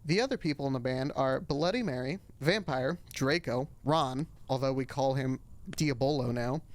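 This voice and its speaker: A man streaming, reading a story aloud with wry, deadpan asides for comedy. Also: medium pitch, normal speed.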